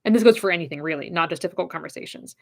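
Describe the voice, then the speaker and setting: A woman's voice: fairly low pitch, rapid-fire, gravelly. A woman giving casual advice in an encouraging, direct way, repeating her key phrases.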